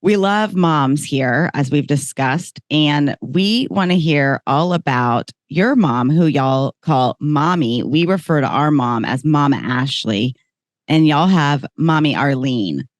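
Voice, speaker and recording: A woman hosting a podcast, asking questions in a friendly, relaxed way. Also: deep voice, slow, no room sound, clean studio sound. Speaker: podcast host. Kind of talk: casual chat.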